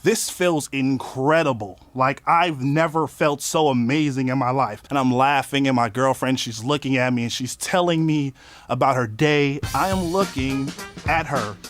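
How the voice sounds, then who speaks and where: A man casually telling a personal story in an animated way, swearing often and acting out what he said at the time. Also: mid-range voice, moderate pace, no room sound. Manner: animated, swearing, acts out his own quotes. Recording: faint music underneath.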